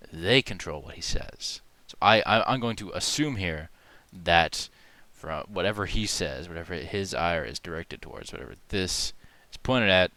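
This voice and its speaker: A man with a very low but bright, ringing voice hosts a parody commentary. He rambles and hesitates through mock-serious conspiracy talk, full of fillers and asides, keeping a deadpan tone. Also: dry recording. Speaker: video host.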